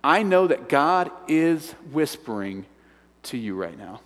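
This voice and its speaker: A man preaching a sermon to a congregation. He acts out voices and swings from excited shouts down to hushed whispers. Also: a little high, slow pace, in a large hall. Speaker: pastor. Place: large church hall.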